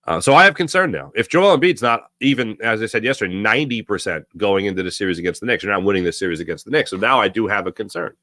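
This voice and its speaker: A man's voice: on the low side, expressive, fast, hardly any pauses, bright, forceful tone, no echo. A man hosting a sports talk show, rambling in a casual monologue and laughing often.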